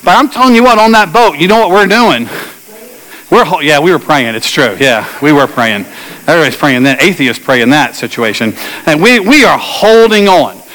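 Pastor guy, kinda high voice, tells a story in his sermon and acts out the yelling parts. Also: moderate pace, in a large hall, rough recording. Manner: animated storytelling, acts out shouted quotes.

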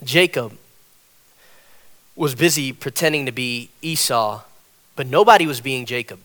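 A man preaching a sermon from a church platform, animated and repetitive, acting out the people he quotes. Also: mid-range voice, unhurried. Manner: animated, repeats phrases, acts out quotes. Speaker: pastor.

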